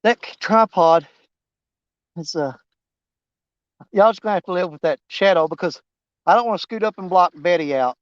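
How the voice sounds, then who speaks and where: A man's voice: high-pitched, normal speed, long pauses, no echo, lo-fi sound. A man, live-streaming from a riverbank while fishing. He rambles to his viewers in a folksy, easygoing way and is winded. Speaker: fishing vlogger. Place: outdoors at a riverbank.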